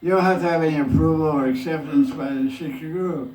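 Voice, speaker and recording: A man, a spiritual teacher, answers questions in a relaxed and chuckling way and quotes people in put-on voices. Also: fairly high pitch, quick pace. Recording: echoey room, mic from a distance, faint noise.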